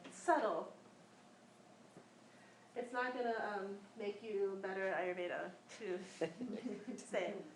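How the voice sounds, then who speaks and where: A woman's voice: medium pitch, slow pace, long pauses. A woman teaching a small class in an informal way. She patiently demonstrates each sound aloud and repeats it. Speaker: Sanskrit pronunciation teacher. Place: room with students present. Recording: echoey room with faint background noise.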